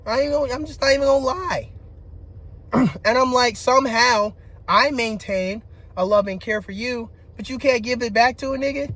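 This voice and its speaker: Man venting in a frustrated rant. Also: normal speed. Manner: frustrated venting with heavy profanity, restarts, pitch rising into shouting. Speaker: vlogger. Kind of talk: personal rant to camera.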